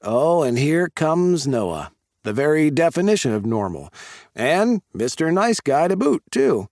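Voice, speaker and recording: A man's voice: fairly high pitch, very animated, measured pace, no echo, clean studio sound, voice pushed up. A man doing a kindly, fussing vet. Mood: friendly. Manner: warm, parental lilt.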